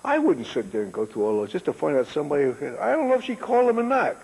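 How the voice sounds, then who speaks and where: A man's voice: fairly high pitch, wildly swooping pitch, fast talker, vocal fry, darkish tone, breathy edge. A man in his eighties, a guest in a casual interview, telling rambling stories and joking and laughing often. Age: 80s. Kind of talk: casual chat. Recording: long echoing reverb.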